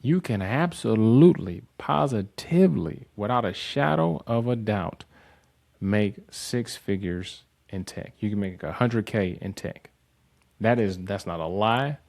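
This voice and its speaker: A man with a fairly low voice talks straight to camera as the host of a tech career channel. He delivers a blunt motivational monologue, swears freely and mocks the people he describes, his voice jumping higher whenever he acts out the conversations. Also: a little slow, vocal fry. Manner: profane, animated, mocking.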